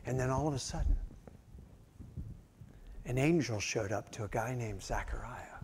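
A male pastor preaching a sermon, telling stories animatedly and acting out quotes, swinging from loud outbursts to hushed near-whispers. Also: medium pitch, normal speed, a little hiss or hum.

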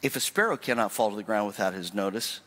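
A man preaching a sermon as pastor, emphatic and animated, asking his listeners questions. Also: lowish voice, fast, in a large hall. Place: church sanctuary.

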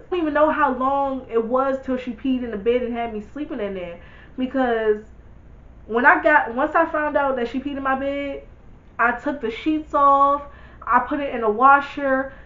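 A woman's voice: a little high, a bit bright, reverberant, highs cut off. A young woman vlogger telling a casual storytime, candid and blunt, swearing freely and talking to her viewers.

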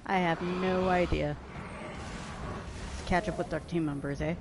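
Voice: mid-range voice, fairly even intonation, unhurried, background noise. Unwell streamer chatting while lying down. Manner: rambling, apologetic, stumbles over words. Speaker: game streamer. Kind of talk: casual live-stream commentary. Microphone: headset or desk mic, no camera.

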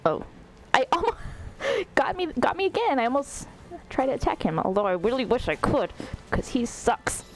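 Giggly high-voiced woman streamer. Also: big pitch swings, normal speed, low-quality recording. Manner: sarcastic, giggly, talks back to game characters. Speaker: game streamer. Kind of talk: live gameplay commentary.

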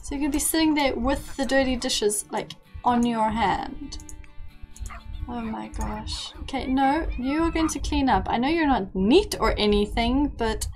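Brief: young woman, light higher voice, chatty gameplay commentary, coaxing and giggly. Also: measured pace, darkish tone, soft background music, poor audio. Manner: chatty, coaxing, giggly, talks to her characters. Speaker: game streamer. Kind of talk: casual let's-play commentary.

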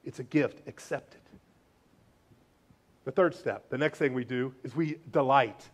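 A male pastor giving a lively, joking sermon, swinging between loud declarations and hushed asides. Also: mid-range voice, measured pace. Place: church sanctuary.

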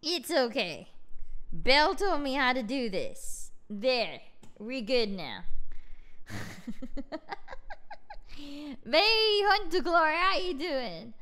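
A woman streamer puts on a full character voice, high-pitched, very animated, slow, pushed and bright, playing a laid-back, boastful bearded guy. In character during a live game stream, he rambles, swears casually and laughs at himself while gaming, all in a goofy mood.

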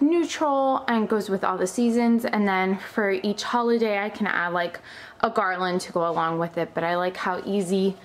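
A young woman giving a casual tour of her home homeschool room, chatty and full of fillers, a little out of breath. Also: medium pitch. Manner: chatty, filler-heavy, enthusiastic about products. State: slightly out of breath. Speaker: homeschooling mom vlogger.

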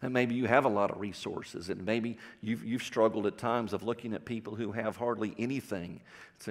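A man's voice: fairly low pitch, steady tone, normal speed, big-room sound. A man with a Texan accent preaching a sermon, telling stories in a folksy way and putting questions to the congregation. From Texas. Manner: folksy storytelling with audience questions. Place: church sanctuary.

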